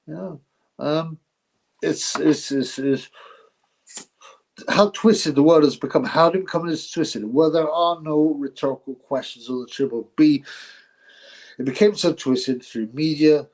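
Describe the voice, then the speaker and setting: A man's voice: a little high, a little slow, vocal fry, pauses often, a little mellow, low-quality recording. A man hosting a live boxing stream, chatting casually, rambling, laughing often and thanking his viewers.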